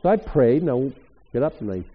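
An older man preaching a sermon as pastor, emphatic and animated, rising suddenly to loud exclamations. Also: mid-range voice, fairly quick, slightly rough. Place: church hall. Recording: echoey hall, tinny phone-like sound.

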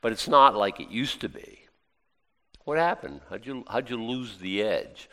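A man's voice: medium pitch, lively intonation, a little slow, sharp tone. A man preaching a conversational sermon in a folksy, rambling way, full of asides and restarts. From United States. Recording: long reverb of a hall.

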